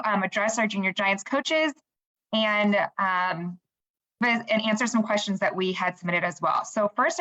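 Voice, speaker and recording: A woman hosting a live webinar on a video call, grateful and filling her pauses with ums. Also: medium pitch, fairly bright tone, highs cut off. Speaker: webinar host.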